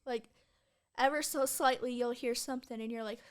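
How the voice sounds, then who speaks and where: Chatty young woman, higher voice. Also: steady tone, moderate pace, clean tone. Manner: chatty, tells anecdotes with acted-out asides. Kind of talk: casual podcast chat.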